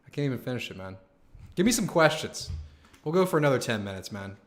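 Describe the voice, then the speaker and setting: Talking quickly at a medium pitch, this young streamer keeps things loose with his audience. He's pumped and full of slang, cursing often and throwing around "dude" and "man" constantly.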